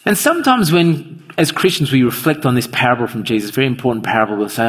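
A man delivers an evening sermon, his husky voice rising and falling with plenty of movement. He earnestly puts questions straight to the congregation, and his words ring out with the long reverb of a large church hall. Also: medium pitch, expressive, fast talker, few pauses. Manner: earnest, asks the listeners questions directly. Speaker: preacher.

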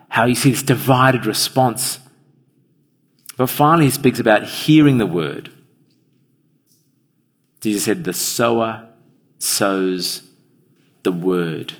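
A man's voice: medium pitch, a little slow, pauses often, husky. A man preaching an evening sermon in a church, earnestly putting questions straight to his listeners. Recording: long reverb of a large hall.

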